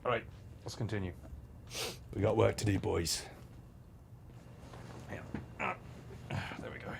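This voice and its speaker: A man streaming a video game, swearing and ranting at the controls, then mumbling softly to chat. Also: fairly low pitch, a little slow, gravelly, background noise. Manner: swears a lot, rants loudly at the game, then drops to soft mumbles. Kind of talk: live gameplay commentary.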